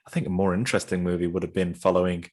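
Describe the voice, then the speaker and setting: Deep-voiced man, hesitant. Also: little pitch movement, rapid-fire, darkish tone. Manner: hesitant, many fillers and restarts. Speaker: podcast co-host. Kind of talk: casual chat.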